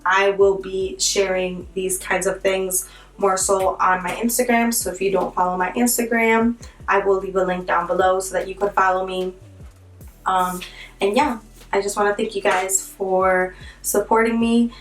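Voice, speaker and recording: A woman's voice: medium pitch, little pitch movement, normal speed. A young woman talking casually and candidly to her vlog audience, chatty and heartfelt, with a bit of slang. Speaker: vlogger. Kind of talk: casual vlog talk to camera. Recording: echoey room, voice from a distance, faint music.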